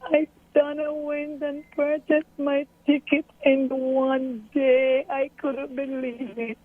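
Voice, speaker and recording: A woman's voice: high-pitched, slow. A middle-aged woman, a mother earnestly recounting events in an interview. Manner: earnest, storytelling, animated retelling. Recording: tinny phone-like audio.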